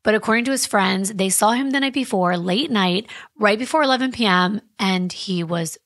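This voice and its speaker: A woman's voice: medium pitch, moderate pace, a bit bright, no room sound, studio quality. A woman hosting a true crime podcast, retelling a case in a conversational, emphatic way with wry asides. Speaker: podcast host.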